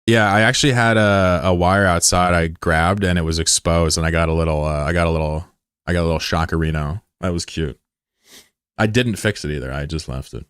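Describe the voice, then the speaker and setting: A man in his thirties from the United States, chatting casually on a live stream with swearing and sudden high yelps of surprise. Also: brisk, fairly bright tone, clean tone, no echo, studio quality. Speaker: game streamer.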